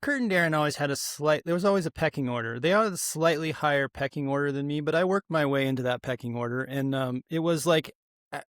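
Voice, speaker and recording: Hesitant man in his 60s, slightly high voice. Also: quick pace, fairly bright tone, dry recording, clean studio sound. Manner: hesitant, with many fillers. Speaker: guest. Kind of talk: casual reminiscing chat.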